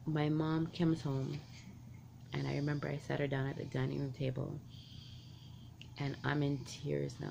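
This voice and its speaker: Woman telling a candid story, gravelly. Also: sits low, level tone, normal speed, a little mellow, muffled recording, slight background noise. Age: adult parent. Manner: candid, rambling, heavy use of "like" and restarts. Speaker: vlogger. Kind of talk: personal confessional storytelling.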